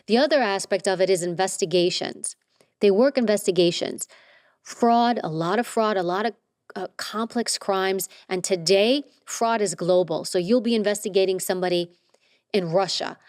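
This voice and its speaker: Middle-aged woman guest, lively storyteller who acts out dialogue, average pitch, dry close sound. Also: fairly quick, no room sound. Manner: animated, acts out quoted dialogue. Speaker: interview guest. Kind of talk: casual storytelling.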